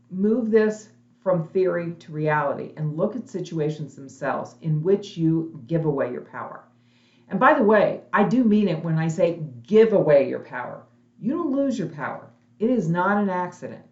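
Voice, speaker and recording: A woman's voice: lowish voice, a little mellow. Emphatic woman speaker, echoey dull sound. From lives in Texas. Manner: direct, emphatic, coaching tone. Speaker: conference speaker. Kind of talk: motivational webinar talk.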